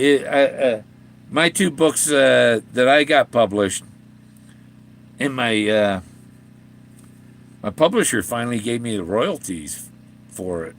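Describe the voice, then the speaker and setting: With a medium-pitched, slightly bright voice and some vocal fry, an older treasure-hunt author vlogs in a loose, casual monologue. He laughs frequently and keeps restarting his sentences, with slight background noise in the recording.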